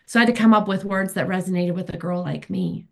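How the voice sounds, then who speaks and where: A woman's voice: mid-range voice, steady tone, quick pace. Woman in her fifties, candid and emphatic recovery share, chatty with fillers. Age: 50s. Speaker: recovery meeting speaker.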